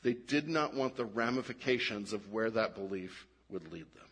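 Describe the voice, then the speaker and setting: A man preaching a sermon, animated and given to restarts, dropping low and quiet to stress his points. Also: moderate pace, slightly rough. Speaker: pastor.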